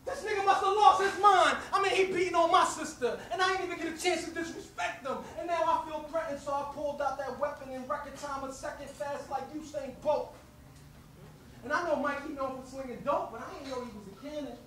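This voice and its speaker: A man performs spoken-word poetry with intense, rhythmic rhyming drive. His voice sits high. The sound is roomy and distant, with faint ambience behind it. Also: steady tone, brisk, bright, forceful tone, slight background noise.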